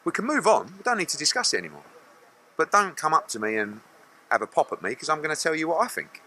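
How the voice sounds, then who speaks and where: A man's voice: on the high side, sing-song, fast talker, pushed and bright. A middle-aged man, a boxing promoter, answering media questions bluntly and retelling a confrontation with mocking voices.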